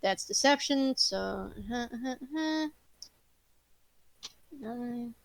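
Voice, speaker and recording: A woman narrating a tabletop game as game master, animated, laughing and casual. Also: fairly high pitch, slow pace, gravelly, no room sound, low-quality recording.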